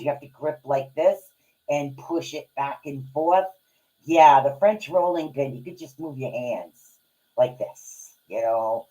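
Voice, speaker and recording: A woman hosting a live card-reading stream, chatting casually and excitably in rambling asides. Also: very deep voice, rough recording. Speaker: podcast host and card reader.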